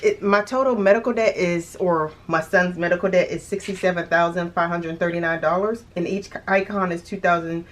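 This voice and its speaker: Fast and with few pauses, this budgeting vlogger keeps a steady tone in her fairly low voice. She talks casually to camera about paying off debt, thinking aloud with restarts, light laughter, and occasional hiccups.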